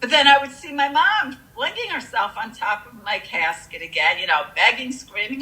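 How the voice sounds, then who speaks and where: A woman's voice: on the high side, big pitch swings, normal speed, sharp tone, low-quality recording. A woman earnestly telling a personal near-death story, with frequent fillers.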